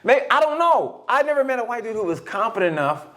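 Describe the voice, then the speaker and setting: Animated middle-aged man telling stories. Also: fast talker. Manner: animated storytelling, swings between high and low, acts out quotes. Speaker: podcast co-host. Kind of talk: casual podcast conversation.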